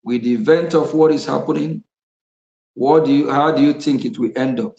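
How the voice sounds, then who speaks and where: A man's voice: mid-range voice, normal speed, gravelly, warm tone, roomy sound, highs cut off. A man giving an impassioned political speech, repeating his points with bursts of laughter. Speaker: activist speaker.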